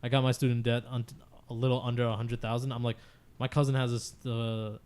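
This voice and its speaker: A man of middle pitch chats on a gaming podcast in a loose, frank way. He fills his talk with filler words and swears casually as he gives his opinions. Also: little pitch movement, quick pace, a little mellow, clear, resonant tone.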